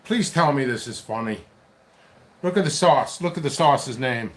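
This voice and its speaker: Chatting to himself in a rambling way as he works in the basement, the channel host and pepper seed seller keeps his solo vlog casual. His mid-range voice has lively intonation and a normal speed.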